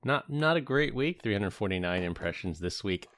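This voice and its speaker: A man co-hosting a casual tech-security podcast who explains things in a measured way. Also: fairly low pitch, lively intonation, a bit bright. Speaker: podcast co-host.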